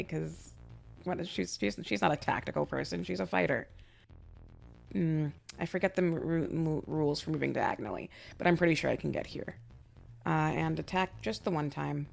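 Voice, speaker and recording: A woman playing a tabletop game, halting and unsure as she works out her moves. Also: low-pitched, creaky, soft background music. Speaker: player.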